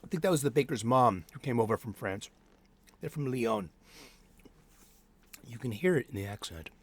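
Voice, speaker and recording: A man's voice: mid-range voice, expressive, normal speed. Rambling middle-aged man chatting about comics. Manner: rambling, many restarts and fillers. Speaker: host. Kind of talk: casual solo chat about comic books. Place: home studio.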